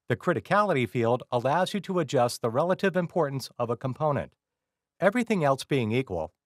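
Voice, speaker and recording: Man narrating a dry software tutorial. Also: medium pitch, no room sound. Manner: measured, instructional. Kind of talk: scripted narration.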